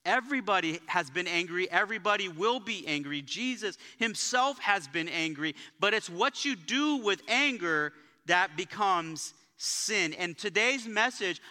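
A man preaching a sermon as pastor, talking in a casual, energetic way, with jokes and personal stories. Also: sits high. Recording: live church sanctuary with long reverb.

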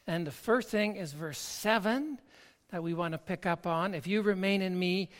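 A pastor preaching an earnest, reflective sermon with a halting delivery that often repeats words. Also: medium pitch. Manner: slow, halting delivery with frequent word repeats.

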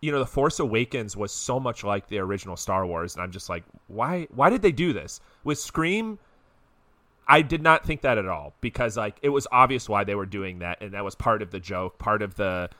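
A man co-hosting a podcast, talking in a relaxed, rambling way with plenty of fillers. His voice is bright and forward, recorded dry and close. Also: on the low side, fairly quick, no room sound. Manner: conversational, hedging with fillers. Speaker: podcast co-host. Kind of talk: casual chat.

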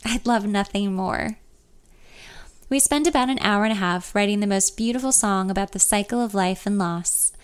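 A woman narrating a first-person audiobook in a calm, reflective way. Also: mid-range voice, a little fast, hardly any pauses, clear, resonant tone.

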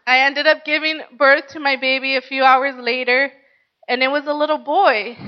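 A woman's voice: high-pitched, steady tone, normal speed, highs cut off. A woman pastor sharing a personal testimony in an earnest, conversational sermon, often saying "like".

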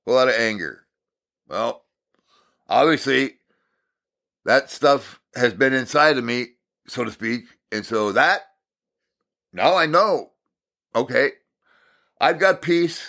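A middle-aged man shares a devotional story in a bright, forceful voice. He swings from exasperated, emphatic bursts to low, quiet reflection, repeating key words to drive them home. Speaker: Christian speaker. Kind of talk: personal devotional talk.

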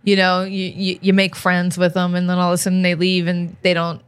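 A woman's voice: lowish voice, monotone, fairly quick, slight background noise. A woman with a Texan accent, a restaurant server chatting casually, full of "like" and "you know". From Texas. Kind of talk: casual chat.

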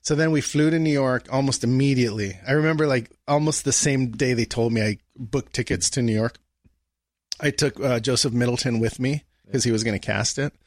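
A man's voice: medium pitch, a little fast, dry recording, clean studio sound. A man as a guest, telling a story in a casual conversation and acting out the people he quotes. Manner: animated anecdote-telling, acts out quoted dialogue.

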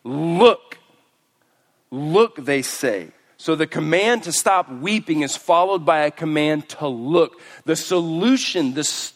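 A man preaching a sermon, his delivery moving between quiet, slowed passages and loud, emphatic bursts. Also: on the high side. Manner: swings from hushed and slow to loud and emphatic. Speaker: pastor.

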